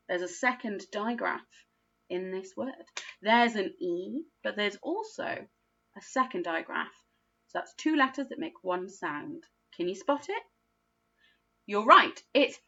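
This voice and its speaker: A woman leads a phonics lesson for young children at an unhurried pace, stretching out each sound. Her voice is bright and swoops up and down in a sing-song way, full of encouragement and praise. The recording sounds a little muffled. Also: medium pitch. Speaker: primary school teacher.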